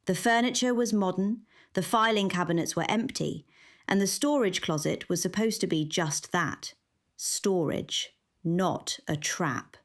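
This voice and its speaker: A woman narrating a first-person cozy mystery audiobook in a measured, wry way. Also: fairly low pitch.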